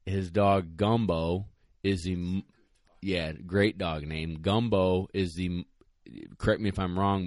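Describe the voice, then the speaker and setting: A man's voice: low-pitched, steady tone, unhurried, a little mellow, dry recording, clean studio sound. A man hosting a casual chat, telling stories with laughs along the way. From northern United States. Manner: storytelling, laughs as he talks. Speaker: podcast host.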